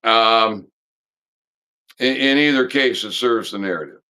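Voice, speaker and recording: Man hosting a stream, low-ish smooth voice, unhurried rambling monologue with frequent restarts. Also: sharp tone. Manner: halting, full of pauses and restarts; blunt, occasionally swears. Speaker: live stream host.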